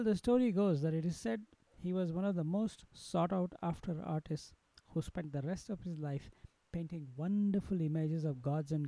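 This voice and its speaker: A man hosting a podcast, telling a story in an unhurried narration with pauses and fillers. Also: a little high, mellow, no room sound, poor audio. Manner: unhurried, with frequent fillers and restarts. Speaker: podcast host.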